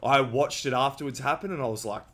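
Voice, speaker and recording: A man's voice: medium pitch, fast, fairly bright tone. A young man who hosts a podcast. He tells a personal story in a candid, casual way and swears freely. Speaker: podcast host.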